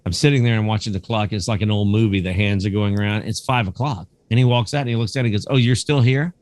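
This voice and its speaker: A man in middle age tells his stories in a casual, animated way, slipping into the voices of the people in them. His voice sits on the low side. The sound is dry and close, with no room echo. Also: very fast. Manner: lively anecdotes, acting out quoted dialogue, casual swearing. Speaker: guest, camera museum curator. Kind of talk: conversational storytelling.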